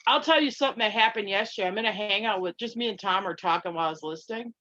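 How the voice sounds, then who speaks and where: Chatty blunt woman on a call, bright voice, kinda muffled lo-fi audio. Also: medium pitch, very fast. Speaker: show regular. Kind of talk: casual group chat. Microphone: video call.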